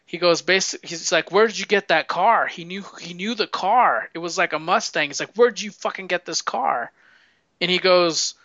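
A man's voice: high-pitched, pushed and bright, no room sound, dull audio. A man in casual chat, rambling through movie plots with lots of swearing and acted-out quotes. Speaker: movie fan recommending films.

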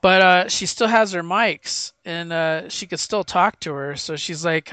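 Bright, crisp-voiced man recapping comics. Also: on the high side, measured pace, hardly any pauses, no room sound. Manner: rambling with fillers and quoted lines. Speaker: comic podcast co-host. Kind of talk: casual comic book recap.

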